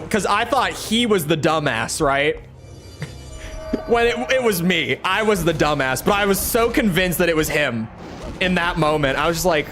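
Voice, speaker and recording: A man's voice: fairly high pitch, fairly bright tone. A young man streaming a game, telling a rambling, self-mocking story in casual chat with lots of restarts. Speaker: gaming streamer.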